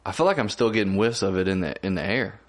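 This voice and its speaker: Male podcast co-host, deep voice with animated inflection, playful teasing. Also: fast. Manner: animated, teasing, laughs easily. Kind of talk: casual chat.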